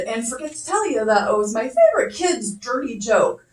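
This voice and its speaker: A middle-aged woman with a high voice working through a chatty stand-up set. She pokes fun at herself and swears casually. The sound is echoey, with her voice a little off from the mic. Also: lively intonation, moderate pace, hardly any pauses, far from the mic. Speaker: first-time stand-up comic. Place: comedy club stage.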